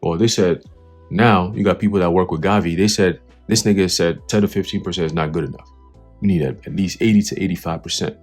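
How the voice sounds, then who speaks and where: A man with a low, husky voice delivers a heated religious commentary. He reads passages aloud and then tears into them, swearing and laughing scornfully between points. Faint music plays underneath. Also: fairly even intonation, a little fast, darkish tone. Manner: profane, scornful, preachy, laughs at his own jabs. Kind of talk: fiery spoken commentary reading from an article.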